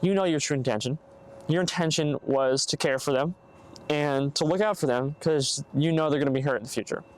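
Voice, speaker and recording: Speaking fairly quickly in a slightly high voice, a young man runs a casual solo podcast. He gives earnest, meandering advice and performs hypothetical exchanges. Faint noise sits in the background, and the microphone quality is bad.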